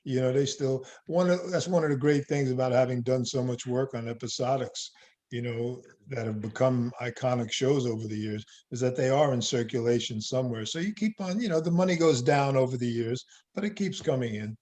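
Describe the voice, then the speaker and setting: A man's voice: mid-range voice, a little fast. Laid-back older man, chuckling actor. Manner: relaxed, self-deprecating, laughs often. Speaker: actor guest. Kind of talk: casual interview chat.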